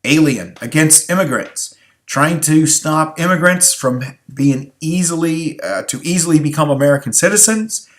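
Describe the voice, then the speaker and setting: This recorded exam review lecture comes from a tired male history teacher speaking at normal speed in a fairly high voice. He leans on rhetorical questions and says key phrases more than once.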